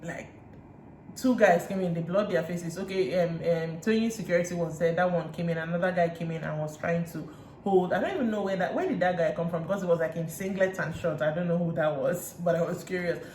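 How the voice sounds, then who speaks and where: A Nigerian woman recapping reality TV in a chatty way, retelling scenes with lively asides. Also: lowish voice, a little fast. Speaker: reality TV reviewer. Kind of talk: casual recap chat. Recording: roomy room echo, faint hiss.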